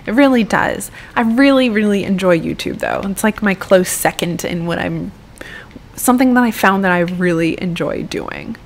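A young woman from the United States, a gaming YouTuber, talks at medium pitch and normal speed. Her gameplay commentary is casual and rambling, and she swears freely while playing.

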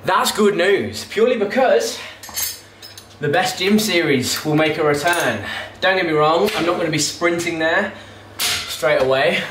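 A man's voice: on the high side, lively intonation, a little slow. A young man, a fitness vlogger, chatting casually and rambling between sets in his home garage gym, often correcting himself. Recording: echoey garage with loud background noise.

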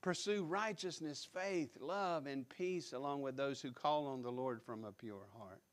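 A man's voice: medium pitch, unhurried. A man preaching a sermon as pastor, emphatic, repeating key words and putting direct questions to the congregation. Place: church sanctuary.

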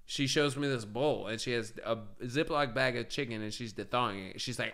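A man's voice: medium pitch, moderate pace, few pauses, a bit bright. A man co-hosting a podcast, telling a rambling story in casual chat, swearing and laughing as he acts out the dialogue. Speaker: podcast co-host.

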